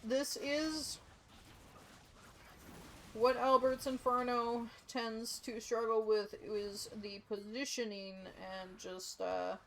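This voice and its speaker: A young woman casting a live esports match in a relaxed play-by-play, tired and yawning. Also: fairly high pitch, slow pace, slight background noise. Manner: sleepy, yawning, casual play-by-play. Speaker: esports caster.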